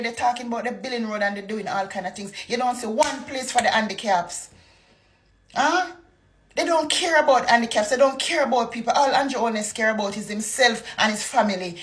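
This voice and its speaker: A woman's voice: on the high side, a bit bright. A woman from Jamaica with a Jamaican accent, delivering a fiery political rant full of rhetorical questions. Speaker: political commentator.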